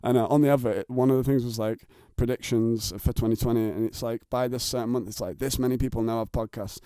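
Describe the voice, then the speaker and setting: A man hosts his podcast from his bedroom, rambling and joking in a crude, laid-back way. His voice sits at a middle pitch and is recorded close and dry. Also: fairly even intonation, fast, warm tone, clear, resonant tone, no echo. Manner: rambling, jokey, crude, laughs often. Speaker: podcast host. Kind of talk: casual chat. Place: bedroom at home.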